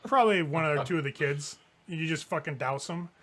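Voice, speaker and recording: A man with a fairly high voice runs a tabletop game as its game master. His narration is loose and profane, and laughter often breaks into it. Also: a little fast, a bit bright.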